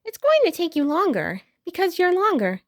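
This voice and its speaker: A woman voicing a playful, bossy young girl puppy in a storybook reading, with a high, bouncy, excited delivery. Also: moderate pace, dry recording, studio quality.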